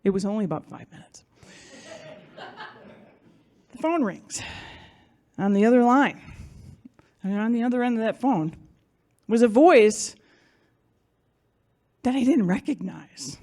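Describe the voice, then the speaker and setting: A woman's voice: fairly high pitch, animated, slow, pauses often, mellow. A woman telling a personal story in front of an audience, chatty and self-mocking, acting out what other people said.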